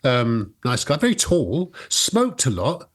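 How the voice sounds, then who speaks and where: A man co-hosting a rock music podcast in a casual chat, lively and quick to rise in pitch when asking questions. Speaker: podcast co-host.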